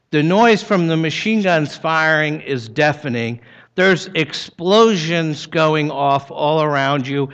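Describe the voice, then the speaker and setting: A man's voice: on the high side, a bit bright, lo-fi sound. A middle-aged man preaching a sermon, telling a personal story in a conversational way with dry humor before turning to the text. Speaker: pastor.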